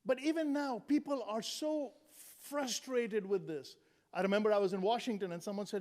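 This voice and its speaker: A man's voice: high voice, moderate pace, darkish tone. A man in his sixties from India, giving a humorous motivational speech with punchy jokes and rhetorical questions. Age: 60s. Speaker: motivational speaker.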